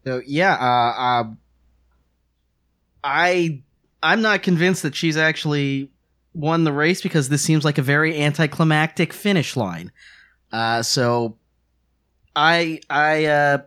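A man playing a tabletop game, speaking haltingly and stumbling over his words. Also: on the high side, fairly bright tone, clear, resonant tone. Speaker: player.

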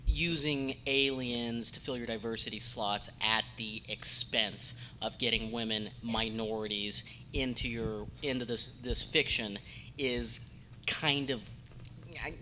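A man from the United States moderating a fan panel discussion, speaking in a thoughtful, measured way and taking questions from the audience. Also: mid-range voice, fairly even intonation, pushed and bright, a little hiss or hum, low-quality recording.

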